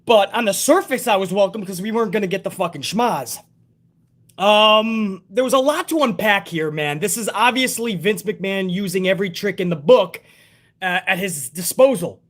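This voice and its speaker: Young adult male reviewer, high voice, profane and sarcastic ranting delivery. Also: moderate pace, a bit bright. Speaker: wrestling show reviewer.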